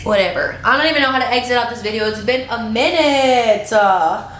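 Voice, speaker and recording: Chatty, expressive woman vlogging at home. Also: a little high, a little fast, echoey room, noisy background. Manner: chatty and expressive, laughs often. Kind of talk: casual chat to camera. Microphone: camera in front of her.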